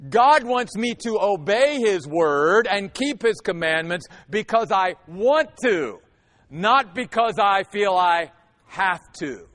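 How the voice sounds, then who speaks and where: High-voiced earnest male preacher. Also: expressive, slow, fairly bright tone. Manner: earnest preaching, rising to emphatic peaks. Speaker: pastor. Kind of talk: sermon.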